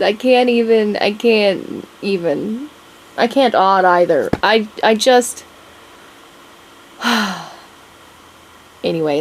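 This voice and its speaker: A woman's voice: medium pitch, a little hiss or hum, low-quality recording. A young woman author chatting casually in a vlog, gushing and laughing often as she talks about and reads her own draft. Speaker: author vlogger.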